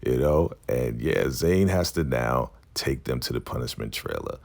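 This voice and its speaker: A man giving a casual, animated recap of a TV episode and acting out the characters' lines. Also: extremely low pitch, unhurried, vocal fry. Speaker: TV recap vlogger.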